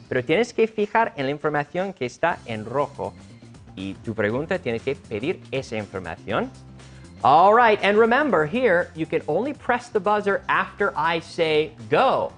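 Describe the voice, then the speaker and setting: An energetic man hosts a game show and teaches English with a lively, up-and-down voice. He is teacherly and drills the contestants. Faint music plays behind him. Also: fairly high pitch, moderate pace. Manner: energetic, teacherly, stresses intonation.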